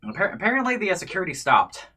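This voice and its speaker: A man co-host talks quickly in a bright voice, rambling from one point to the next. He hesitates often and fills his sentences with filler words. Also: high-pitched, big pitch swings. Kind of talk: casual chat.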